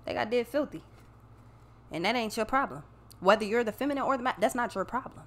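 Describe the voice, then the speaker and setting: A woman's voice: a little high, quick pace, slight background noise. A woman giving a casual tarot reading, talking bluntly and emphatically with plenty of swearing. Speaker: tarot reader.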